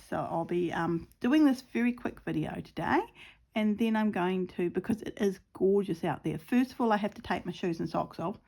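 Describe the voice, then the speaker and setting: Woman, middle-aged, casual vlog chat, rambling, gravelly fry in the voice. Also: lowish voice. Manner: rambling, animated, acts out pets and birds. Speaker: crafting vlogger.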